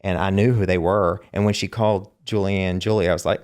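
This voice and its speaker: A man's voice: low-pitched, a little fast, clean tone. A man with a Southern US accent, a singer-songwriter guest telling long stories in a casual interview, rambling with lots of fillers. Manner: rambling animated storyteller with many fillers.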